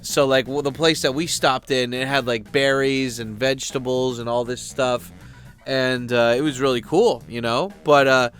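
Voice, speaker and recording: A man's voice: mid-range voice, fairly even intonation, moderate pace, fairly bright tone, faint music behind. A man giving loose, rambling commentary as a YouTube host, full of fillers and casual swearing.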